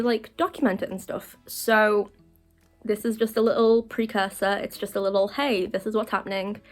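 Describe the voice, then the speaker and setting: A young woman vlogging to the camera from her bedroom, rambling and excited, with plenty of "like" and "um". Her voice sits at an ordinary middle pitch. A little music plays faintly in the background. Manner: excitable, rambling, full of fillers. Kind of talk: casual rambling vlog. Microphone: camera facing her.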